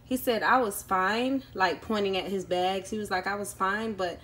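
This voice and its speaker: A woman's voice: mid-range voice, fairly even intonation, normal speed. A woman vlogging casually at home, telling a long story with lots of ums and acting out the people she met. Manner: chatty, many ums, acts out quoted people. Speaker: YouTube vlogger. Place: indoors at home.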